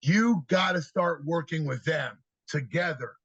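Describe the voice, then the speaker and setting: A man guest on a podcast, telling lively stories about kids and acting out their replies in an energetic, conversational way. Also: a little high, a little slow, gravelly, breathy edge, dry recording, muffled recording. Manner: animated storyteller, acts out kids' answers. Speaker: podcast guest, youth speaker. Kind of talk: storytelling interview talk.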